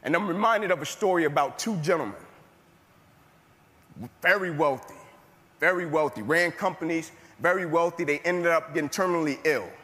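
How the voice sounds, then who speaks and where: A passionate male motivational speaker whose voice sits high and rolls through rhythmic, repeated phrases. His words ring out with a long hall reverb trailing behind them. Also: normal speed, long pauses, pushed and bright. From United States. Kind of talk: motivational speech with storytelling.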